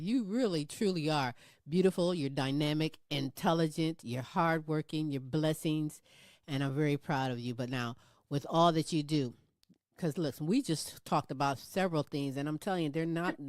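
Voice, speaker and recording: A woman's voice: deep voice, normal speed, a little mellow. A woman hosting a casual interview, chatty and encouraging, laughing often. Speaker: talk show host.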